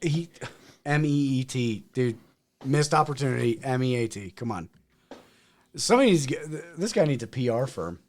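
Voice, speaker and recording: A man co-hosting a casual podcast, cracking crude jokes and cursing freely as he mocks personal ads. His pitch sits at a middle level, and he breaks into laughter between lines. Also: lively intonation, normal speed, a little mellow. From Wyoming. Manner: profane, laughing, mocking. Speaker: podcast co-host.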